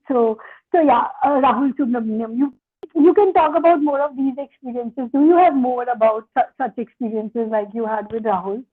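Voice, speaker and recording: A woman with an Indian English accent hosting a podcast, talking fast, peppered with "like" and switching into Hindi. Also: on the high side. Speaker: podcast host. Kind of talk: casual interview chat. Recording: tinny phone-like line.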